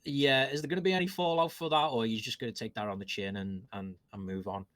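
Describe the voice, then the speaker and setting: A man's voice: mid-range voice, fairly even intonation, quick pace, fairly bright tone. A man hosting post-match interviews, asking rambling questions full of ums and restarts.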